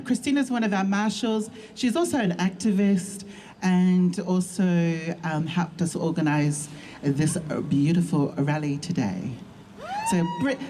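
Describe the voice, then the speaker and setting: A woman's voice: on the high side, darkish tone. A woman acting as MC at an outdoor rally, introducing the next speaker in a chatty, reassuring way. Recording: clear outdoor crowd noise.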